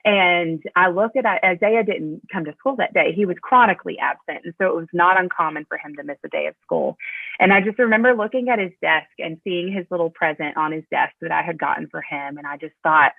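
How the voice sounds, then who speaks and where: A woman assistant principal telling a personal story in an interview, animated and full of fillers. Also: fairly low pitch, brisk, creaky, no echo. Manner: animated storyteller, fillers, voice jumps up when quoting. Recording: tinny phone-line audio, dry.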